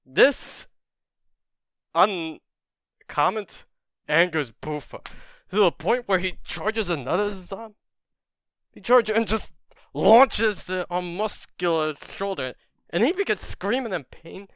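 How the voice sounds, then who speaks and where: A man's voice: high-pitched, lively intonation, slow pace, pauses often, a bit bright, dry recording, clean studio sound. A young man casually retelling a fan story, laid-back and chatty.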